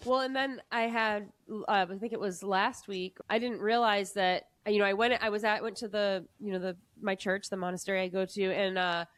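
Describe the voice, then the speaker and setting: A woman hosting a podcast, chatting casually and telling an excitable story in quick bursts. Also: medium pitch. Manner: excitable, rapid storytelling with voices. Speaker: podcast host. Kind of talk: casual conversation.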